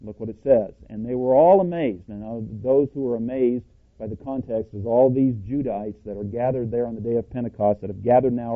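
A plain-spoken, self-described cowboy preacher teaching from scripture in a mid-pitched voice. He is emphatic and keeps quizzing his listeners with rhetorical questions. The sound is thin and tinny, like a phone line. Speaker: Bible teacher. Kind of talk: scripture-based sermon teaching.

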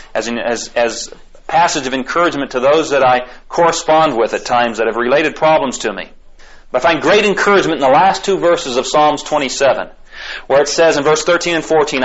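A man preaching a sermon, building to emphatic, drawn-out declarations. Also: medium pitch, a bit bright, muffled recording.

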